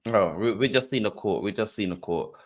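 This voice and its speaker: A man hosting a casual livestream, talking in animated bursts and repeating his points. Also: a little fast. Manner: animated, repeats himself, swings in pitch. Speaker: host.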